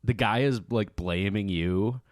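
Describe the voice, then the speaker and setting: This man has a low, relaxed voice and mostly chimes in with quick reactions. The sound is close and dry, as from a podcast mic. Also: no echo. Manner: laid-back, short reactions and riffs. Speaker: podcast co-host. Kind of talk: casual comedic chat.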